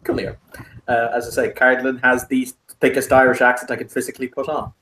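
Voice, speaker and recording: A man playing a tabletop role-playing game, narrating his character's actions in a relaxed, rambling way. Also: medium pitch, brisk, reverberant, low-quality recording. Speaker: player.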